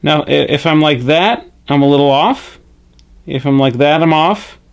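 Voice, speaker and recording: Voicing Frederick, a friendly hand puppet teaching puppetry basics on camera, a man speaks in a raised, high-leaning voice with vocal fry and a clean tone. The delivery is instructive, chipper, slow and deliberate, with frequent "eh?" tags.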